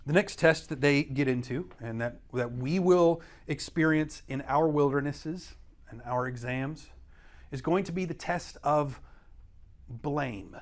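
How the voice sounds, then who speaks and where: Unhurried and a little high-pitched, a man guides an adult church Bible study in a classroom setting. He explains scripture with earnest emphasis on key words and offers brief acted quotes of biblical figures.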